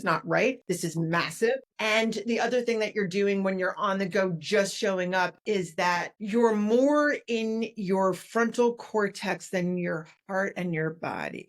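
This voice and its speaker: Low-key woman explaining with demonstrations. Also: vocal fry. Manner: animated, demonstrates tones of voice while explaining. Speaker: author and leadership consultant, guest. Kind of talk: podcast interview.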